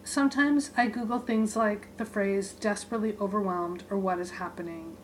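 A woman giving a deadpan spoken-word reading of her own short writings, in clipped, list-like phrases. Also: medium pitch, moderate pace, slight background noise, rough recording.

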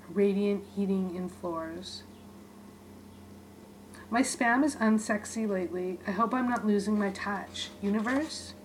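A woman reads her own short pieces aloud in a deadpan spoken-word style. She delivers them in clipped, list-like bits at an ordinary middle pitch, with faint room sound behind her. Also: a little hiss or hum, low-quality recording.

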